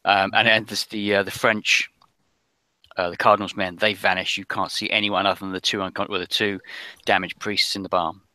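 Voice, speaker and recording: A man narrating as game master of a tabletop role-playing game, halting, with many fillers. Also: low-pitched, flat delivery, bright, forceful tone, no echo.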